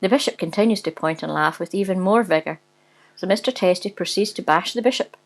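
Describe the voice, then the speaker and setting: Woman reading a cheeky story, keeps giggling, lowish voice. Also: a little fast, rough recording. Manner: giggly, breaking into laughter while reading. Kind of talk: reading a rude comic story aloud.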